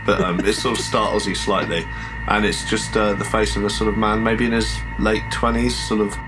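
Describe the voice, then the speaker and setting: A man's voice: on the low side, level tone, fairly quick, over music, low-quality recording. A man narrating a tabletop horror game as game master, hesitant, with many fillers and restarts.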